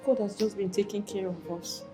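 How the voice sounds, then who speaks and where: An actress playing a caring young daughter with a Nigerian accent, mixing Pidgin with English. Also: female voice, mid-range voice, fairly even intonation, normal speed, over music, close to an everyday voice. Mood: reassuring. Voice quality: mixes Pidgin with English, earnest. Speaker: devoted daughter. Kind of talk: film drama.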